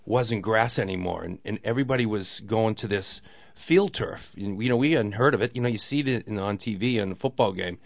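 A man's voice: fairly low pitch, brisk, gravelly, no echo. A man telling a story as a guest in a casual way, rambling with many fillers and acting out quoted voices. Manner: rambling, fills talk with "you know", acts out quoted voices. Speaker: guest, local baseball organizer.

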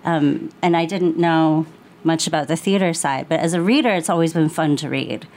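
A woman in her thirties chatting in a lively, playful way, laughing often. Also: low voice, normal speed, a little hiss or hum. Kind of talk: casual panel chat.

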